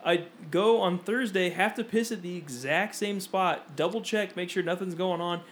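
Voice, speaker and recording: A young man co-hosting a podcast, telling stories in a casual, animated way and acting out what people said. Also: sits high, moderate pace, slight background noise. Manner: animated storytelling, acts out quotes. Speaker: podcast co-host.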